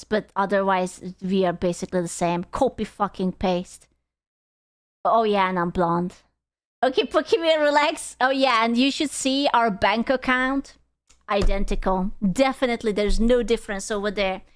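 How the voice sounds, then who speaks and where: A woman's voice: mid-range voice, normal speed, clean tone. A young woman live-streaming, chatting casually in a rambling way, swearing freely and laughing often. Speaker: VTuber streamer.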